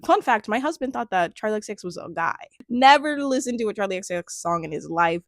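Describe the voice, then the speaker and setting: A young woman talks through award picks in a loose, chatty vlog, often laughing and restarting her sentences. Her voice sits at a middle pitch for a woman. The sound is dry and close, with no room around it. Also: expressive, fast talker, no echo. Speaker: music vlogger. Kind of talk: casual commentary vlog.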